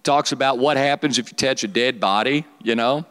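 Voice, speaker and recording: A man preaching to young people in a middle-pitched voice. He talks in a lively, joking way and keeps asking the room to repeat words back to him. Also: normal speed. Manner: lively, joking, calls for audience responses. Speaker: youth pastor. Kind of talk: sermon.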